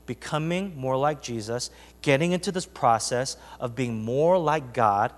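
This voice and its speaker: In a church sanctuary with the echo of a large hall, a male pastor speaks at a medium pitch and a measured pace. He delivers an earnest, conversational sermon to his congregation and reads scripture aloud.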